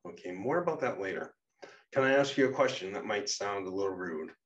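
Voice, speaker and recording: A man reading a calm, caring woman friend. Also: lowish voice, a little fast, far from the mic, highs cut off, lightly acted. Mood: patient.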